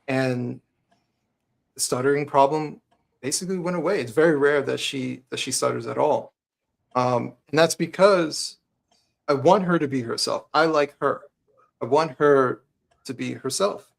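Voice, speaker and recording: A man's voice: mid-range voice, gravelly. A married man, a guest on a talk show, telling a personal story frankly and earnestly. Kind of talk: casual conversation.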